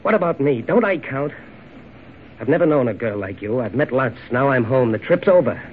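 A man's voice: mid-range voice, sing-song, moderate pace, natural voice. An actor playing an ardent, insistent young man in 1940s radio drama, with an earnest, persuasive delivery. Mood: pleading. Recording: dull old radio recording with faint hiss.

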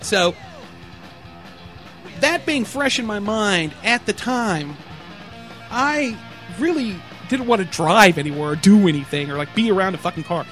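A man telling a rambling, profanity-heavy road rage story with animated asides, sounding a bit tired. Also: high-pitched, a little slow, pauses often, soft background music. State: tired, yawning.

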